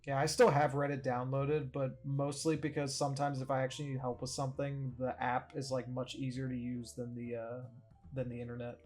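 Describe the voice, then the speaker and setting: A man's voice: medium pitch, flat delivery, fairly quick, darkish tone, faint music behind. A man hosting a podcast, chatting casually, laughing often and swearing a lot. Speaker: podcast host.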